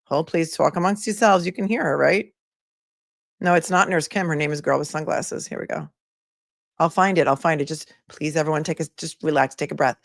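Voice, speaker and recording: A woman's voice: low voice, a little fast, gravelly, no echo, studio quality. A woman hosting a live stream, chatting casually with viewers while she searches for a link. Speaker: livestream host, attorney. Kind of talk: casual livestream chat.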